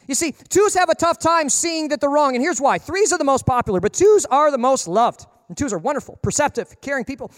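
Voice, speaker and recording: A man preaching a sermon as pastor, emphatic and humorous, acting out people in quick asides. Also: high-pitched, clean studio sound. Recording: long reverb of a large hall.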